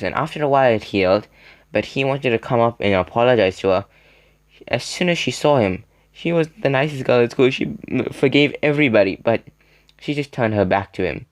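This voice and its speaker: A young man telling a casual story to the camera in a rambling way, full of fillers and laughing between sentences. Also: medium pitch. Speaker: storytime video creator.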